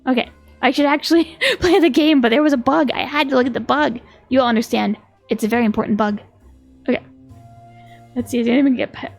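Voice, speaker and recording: A chatty woman streamer commenting on a game, playful and quick to giggle. Her voice is high and laced with a gravelly creak. Soft background music plays faintly behind her. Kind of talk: casual live game commentary.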